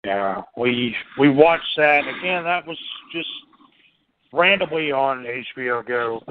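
A man's voice: mid-range voice, lively intonation, slow pace, noisy background. A man co-hosting a podcast, chatting casually about movies in a laid-back, rambling way and swearing freely. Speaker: podcast co-host. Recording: tinny phone-like band-limited sound.

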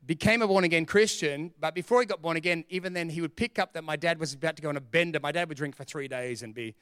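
A middle-aged man, preaching a sermon as pastor in an energetic, joking, emphatic way. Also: a little high, fast talker, smooth, dry recording, studio quality.

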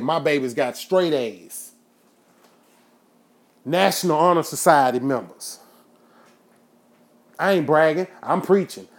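A man hosting his own show, ranting in a profane, preachy monologue that flares into shouting. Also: a little high. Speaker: podcast host.

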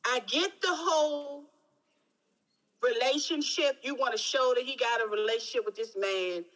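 A woman with a Baltimore accent chatting casually on a podcast, telling stories with animated exclamations. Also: on the high side, moderate pace, low-quality recording. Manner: animated storytelling, laughing, exclamations. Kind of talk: casual chat.

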